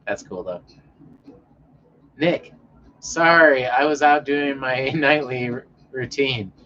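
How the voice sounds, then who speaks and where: A man's voice: fairly high pitch, fairly bright tone. Chill guy from denver rambling to his stream chat, dull lo-fi audio with a bit of hiss. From Denver, Colorado. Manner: laid-back, rambling, answers chat by name. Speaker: livestream host reading chat. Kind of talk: casual livestream chat. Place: home, indoors.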